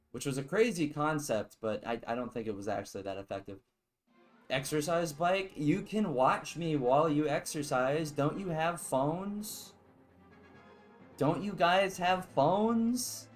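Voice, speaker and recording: A young man rambling through casual live gameplay commentary at a middle pitch, breaking off for jokes and chatting with his viewers. Music plays faintly behind him. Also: low-quality recording. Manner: rambling, joking asides, chats with viewers. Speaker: streamer.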